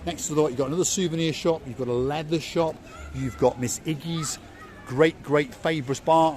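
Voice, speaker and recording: A man with a Yorkshire accent hosting a walking tour vlog along a seaside promenade, chatty and fond of repeating words for emphasis. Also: medium pitch. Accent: Yorkshire English. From England. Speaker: vlog host. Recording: outdoor street noise.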